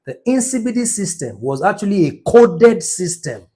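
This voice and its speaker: A man's voice: high voice, very animated, normal speed, mellow, slightly rough. A middle-aged man teaching business numerology in an impassioned lecture, stressing words by drawing them out and asking rhetorical questions.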